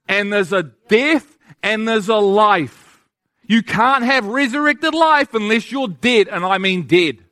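Male preacher, high pitch, emphatic sermon delivery that keeps asking the listeners questions. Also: a bit bright. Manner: emphatic, asks the audience rhetorical questions.

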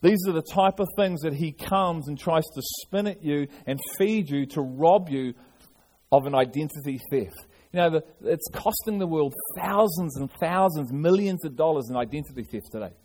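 Earnest preacher, fairly high voice. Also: male voice, moderate pace, darkish tone, a little hiss or hum. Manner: earnest preaching with frequent restarts and repetitions. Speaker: pastor. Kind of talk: sermon.

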